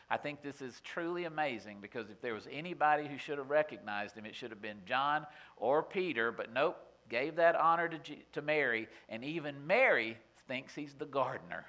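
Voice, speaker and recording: A middle-aged pastor delivers a sermon in a folksy, conversational style, spinning stories for his congregation. His voice is bright and clear, with a middle pitch, and he drops to a hush when the moment turns tender. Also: normal speed.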